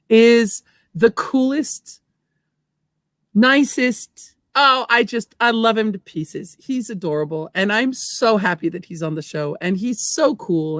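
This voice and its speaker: A woman's voice: mid-range voice, no echo, studio quality. Bubbly, gushing woman co-host. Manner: gushing, bubbly, stumbling restarts. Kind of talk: casual video interview.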